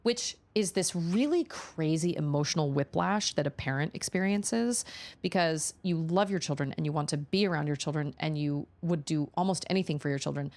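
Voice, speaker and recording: A woman in her thirties streaming from home, telling stories in a chatty, animated way. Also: low-pitched, moderate pace. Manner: chatty, animated storytelling with many fillers. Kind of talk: casual chat.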